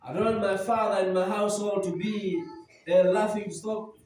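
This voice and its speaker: A scornful older brother tears into his younger sibling with scolding, belittling words, acted out by a preacher. The voice is very high and mellow, and it rings through a church hall with heavy echo. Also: little pitch movement, normal speed, lightly acted. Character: angry, scornful older brother, a grown man. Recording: very echoey church hall, mic at a distance.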